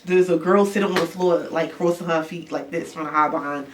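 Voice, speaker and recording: A young woman from New York, casually telling a story, animated and swearing, acting out the voices. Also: deep voice, fairly quick. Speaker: rapper. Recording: distant mic, background noise.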